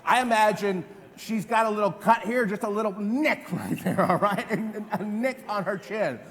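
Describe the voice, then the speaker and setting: A man in his fifties giving an energetic live stage demonstration as a memory trainer, quizzing the audience with repeated questions. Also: high voice, normal speed. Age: 50s. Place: large event hall. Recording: long hall reverb.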